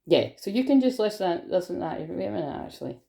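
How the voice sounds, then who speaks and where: A woman's voice: lowish voice, expressive, fast, creaky, dark tone. A woman giving a casual, rambling tarot reading, swearing freely and laughing often. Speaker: tarot reader.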